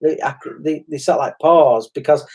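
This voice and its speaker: A man's voice: on the high side, a little fast, slightly rough. A middle-aged man in casual chat as a podcast co-host, telling anecdotes and acting out the people in them. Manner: animated storyteller, voices quoted people.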